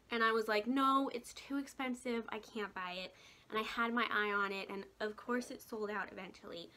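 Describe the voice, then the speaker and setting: A woman's voice: on the high side, sharp tone. A young woman vlogger chatting casually to camera, rambling a little and laughing often. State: hiccuping.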